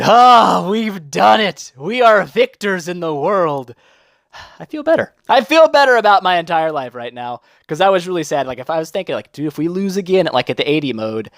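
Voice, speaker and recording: Young man, gameplay commentary, jokey, excitable, slightly high voice, dry close sound. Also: dry recording. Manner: excitable, jokey, reacts aloud to every turn. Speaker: mobile game video host.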